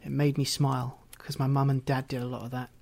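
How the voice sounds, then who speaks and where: A man's voice: mid-range voice, flat delivery, quick pace, gravelly, darkish tone, a little hiss or hum. A man reading a first-person story aloud in a reflective way. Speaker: narrator. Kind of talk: audiobook reading.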